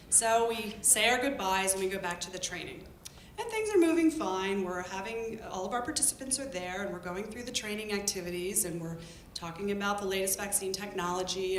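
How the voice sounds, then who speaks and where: A woman telling a lively story about her field work to an audience. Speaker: public health worker telling a story. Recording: echoey room with faint rumble.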